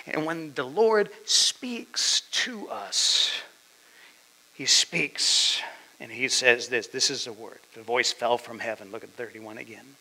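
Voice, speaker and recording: A male pastor preaching a sermon, dramatically swinging between loud declarations and hushed asides. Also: medium pitch, lively intonation, takes it slowly, poor audio.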